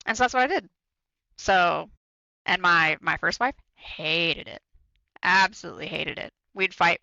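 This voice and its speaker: A man's voice: fairly high pitch, normal speed, vocal fry, sharp tone, no room sound, dull audio. A man co-hosting a podcast, talking candidly and bluntly, swearing freely and repeating himself for emphasis. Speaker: podcast co-host. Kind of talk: candid casual chat.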